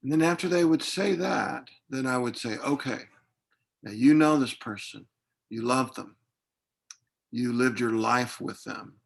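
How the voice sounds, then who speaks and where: A man's voice: mid-range voice, measured pace, vocal fry. A man speaking as a grief counselor in an online workshop, reflective and hesitant, with frequent fillers and restarts, heard over a video call.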